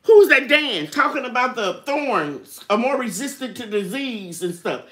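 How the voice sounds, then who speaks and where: A woman's voice: fairly high pitch, lively intonation, unhurried, a bit bright. A middle-aged woman, hosting a gardening live chat in a chatty way, reading out viewer comments and laughing often. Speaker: gardening channel host.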